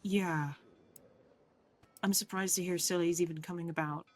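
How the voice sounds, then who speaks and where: A roleplayer speaking in character as a jaded veteran, measured and wordy, sighing now and then. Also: mid-range voice, fairly even intonation. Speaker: roleplayer playing a weary veteran. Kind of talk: in-character game roleplay chat.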